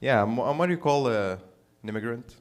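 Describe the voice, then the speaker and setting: A male comedy host from the Middle East works a small room on a stage mic, brash and rambling. His pitch swings freely as he swears his way through the set. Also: expressive, moderate pace.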